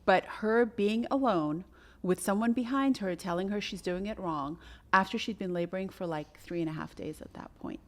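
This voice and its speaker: A woman's voice: mid-range voice, normal speed. A middle-aged woman, a doula, telling a story in a casual podcast chat and acting out the voices of the people in it. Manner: animated, acts out quoted voices.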